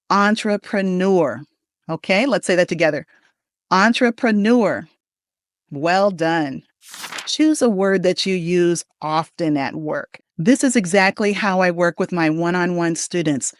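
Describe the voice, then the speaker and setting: Low-voiced woman teaching English pronunciation. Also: no room sound, clean studio sound. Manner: slow, deliberate modeling of words. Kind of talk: pronunciation lesson.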